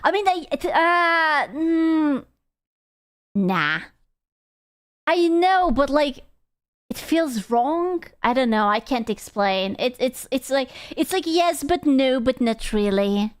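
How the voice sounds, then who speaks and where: A woman's voice: sits high, expressive, slow pace. A young woman streamer chatting casually with viewers, playful and giggly, swearing and reacting dramatically.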